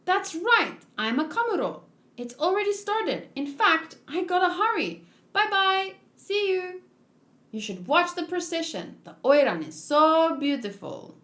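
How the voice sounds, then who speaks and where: A woman's voice: extremely high pitch, big pitch swings, measured pace, a bit bright, reverberant, pitched above the performer's own voice, exaggerated voice. A woman voicing a cheerful, giggling little girl during a manga read-along. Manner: bubbly, giggling, exaggerated.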